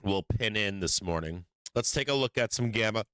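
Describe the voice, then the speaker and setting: Low-voiced dude rambling thru a market livestream, crisp dry sound, swears casually. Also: male voice, lively intonation, normal speed, a bit bright, dry recording. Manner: rambling, restarts often, drifts off mic while working screens; casual and profane. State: has the hiccups. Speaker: stock market livestream host. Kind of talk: casual live market commentary.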